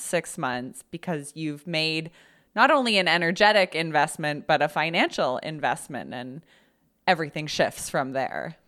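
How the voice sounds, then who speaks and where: Chatty low-voiced woman business coach. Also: fairly bright tone. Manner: upbeat, chatty, often says "like". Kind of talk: casual podcast conversation.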